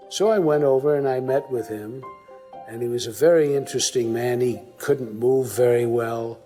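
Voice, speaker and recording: A man telling a lively anecdote and acting out the dialogue as he goes. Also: mid-range voice, normal speed, faint music behind. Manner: lively, acts out quoted dialogue. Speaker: storyteller recalling a meeting. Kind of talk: anecdotal storytelling.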